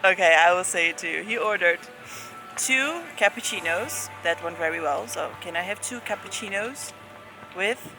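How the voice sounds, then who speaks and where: A woman's voice: lowish voice, moderate pace, poor audio. A young woman with a Dutch accent, chatting casually in a travel vlog outdoors in a city, full of fillers and giggles. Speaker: vlogger. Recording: music playing over the voice.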